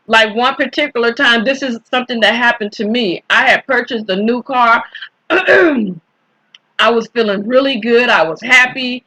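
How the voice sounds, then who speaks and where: Bright, sharp-toned woman recounting a story with indignation; casual talk, throat-clearing. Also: a little high, normal speed, low-quality recording. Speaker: commentator telling a personal story.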